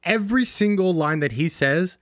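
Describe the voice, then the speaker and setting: A man co-hosting a casual movie review podcast, talking quickly and jokily, acting out lines from the film. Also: sits high, lively intonation, fairly bright tone, dry recording, studio quality. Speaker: podcast co-host.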